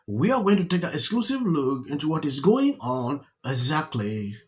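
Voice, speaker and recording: Animated male news commentator. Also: moderate pace, poor audio. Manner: earnest, emphatic, pitch rising and falling. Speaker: commentary channel host.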